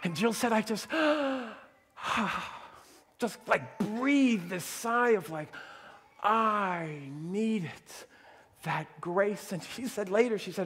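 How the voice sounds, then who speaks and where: A man preaching a sermon as pastor, telling a story in an animated way and acting out the quotes. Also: high voice, extremely slow, breathy edge. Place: church sanctuary. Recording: long church reverb.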